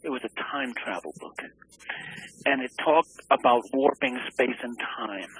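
A man recounting a deeply personal experience in an interview, earnest and halting, searching for words with many restarts. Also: expressive, vocal fry, a bit bright, breathy edge, poor audio. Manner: earnest and emotionally open.

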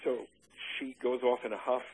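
An older man in an oral history interview, recalling his army days with dry humor and many halting "uh" restarts. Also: mid-range voice, flat delivery, a little mellow, breathy edge, low-quality recording.

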